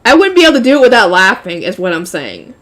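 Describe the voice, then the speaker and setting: A woman's voice: mid-range voice, wildly swooping pitch, fast talker, a bit bright. A woman reading a light novel aloud, often laughing and breaking off to chat with her viewers.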